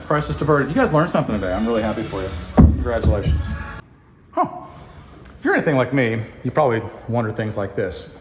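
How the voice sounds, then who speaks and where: A man hosting a home renovation vlog, demonstrating fixes in a deadpan, joking way. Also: fairly low pitch. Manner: deadpan jokey, puns and mock anger. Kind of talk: joking DIY how-to vlog. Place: house under renovation, indoors. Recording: echoey bare room, faint noise.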